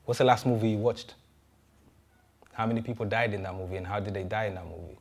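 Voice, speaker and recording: A man, a pastor, giving a conversational sermon full of rhetorical questions and quick restarts. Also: lowish voice, level tone, darkish tone.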